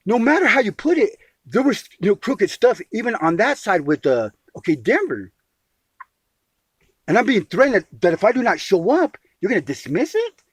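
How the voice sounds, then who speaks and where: A man's voice: high voice, husky, dry recording. A man telling a long grievance in an agitated phone conversation, emphatic, restarting phrases and calling the listener sweetie. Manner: emphatic, repeats words and calls the listener sweetie. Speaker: caller telling his grievance.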